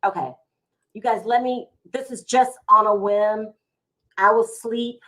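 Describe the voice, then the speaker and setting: A middle-aged woman, speaking a little higher than most, chats live from home on a phone or webcam. Her talk is loose and emotional, and she addresses her viewers directly while she hunts for news. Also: fairly even intonation, a little slow, fairly bright tone. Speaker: vlog host going live. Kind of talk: casual live-stream commentary.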